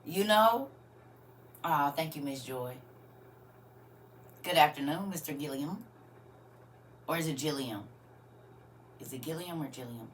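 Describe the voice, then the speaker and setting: A woman's voice: sits low, expressive, moderate pace, pauses often, slight background noise. A woman hosting a casual livestream, chatting with viewers and often laughing as she answers their comments. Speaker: livestream host.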